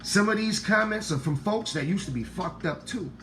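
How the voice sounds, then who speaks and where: A man with a deep voice and a Black way of talking lectures his viewers, repeating lines and swearing as he goes. His voice jumps from loud outbursts to low, muttered asides. Faint music plays under him. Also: animated, normal speed. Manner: swings between loud outbursts and low murmurs. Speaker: online talk host. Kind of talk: casual monologue to viewers.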